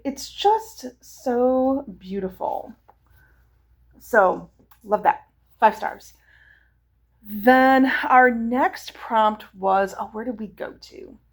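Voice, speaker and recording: Woman, young adult, enthusiastic book reviewer; slow, easy delivery with heavy vocal fry. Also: fairly high pitch. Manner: enthusiastic, chatty, frequent fillers. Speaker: book vlogger. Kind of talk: casual book review chat.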